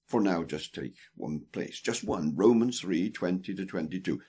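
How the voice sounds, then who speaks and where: Husky low-voiced man reading aloud. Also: lively intonation, moderate pace, a little mellow. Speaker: audiobook reader. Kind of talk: reading a theology book aloud.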